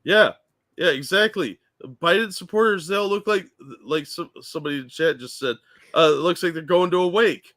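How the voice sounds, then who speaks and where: Bright sharp-voiced guy talking politics, mocking and blunt, dry sound. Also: sits high, normal speed, no room sound. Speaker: co-host. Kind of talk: casual political chat.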